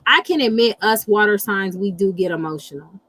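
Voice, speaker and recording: A middle-aged woman hosting a casual live chat, animated and blunt, swearing freely and reacting to viewer comments. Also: mid-range voice, fairly quick, low-quality recording. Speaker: livestream host reading astrology.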